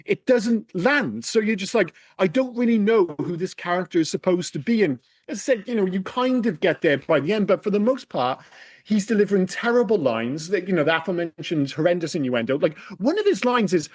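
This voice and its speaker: A man with a high-pitched voice co-hosts a casual film podcast. He talks in an animated, exasperated way, swearing freely. The sound is close and dry. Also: brisk, dry recording. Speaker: podcast co-host. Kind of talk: casual film review chat.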